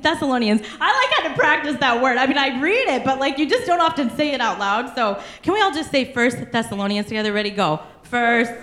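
A young woman delivers a sermon in a bright, high voice, animated and laughing through her stories. The sound carries a noticeable room echo. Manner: animated storytelling with frequent laughter. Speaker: pastor. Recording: echoey room.

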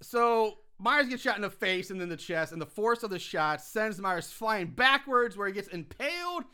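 A man co-hosting a casual podcast chat recaps a film with profanity and laughter, acting out quotes with big swings in his voice. His high voice is expressive, bright, forceful, clear and resonant, at a normal speed.

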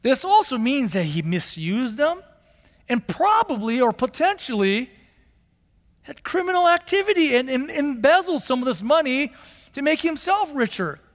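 Man, pastor, sermon, animated storytelling, long reverb. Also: extremely high pitch, moderate pace. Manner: animated storytelling, acts out the characters.

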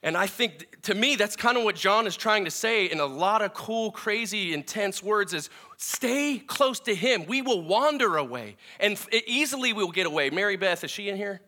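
Pastor guy preaching, earnest and emphatic, bright voice, kinda high. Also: animated, moderate pace, few pauses. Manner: earnest, emphatic preaching with frequent restarts and wide swings in loudness. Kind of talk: sermon.

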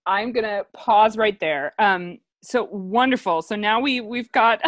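A woman's voice: medium pitch, a little slow, few pauses, no room sound. A young woman leading a Shakespeare reading, explaining the verse enthusiastically and thinking aloud. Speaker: teacher leading a play reading.

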